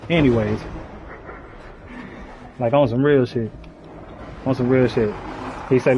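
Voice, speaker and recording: Animated slangy man telling a story. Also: mid-range voice, moderate pace, pauses often, a little hiss or hum. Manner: animated, slangy, frequent "you know what I'm saying". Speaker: live streamer. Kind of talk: casual storytelling.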